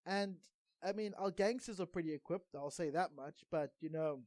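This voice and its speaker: A man's voice: high voice, moderate pace, darkish tone, no room sound. A South African man chats on a gaming podcast in a wry, meandering way. He stumbles through fillers and restarts as he goes. The sound is close and dry, with no room in it. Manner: rambling and wry, with many ums and self-corrections. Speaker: podcast co-host. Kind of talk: casual gaming podcast chat.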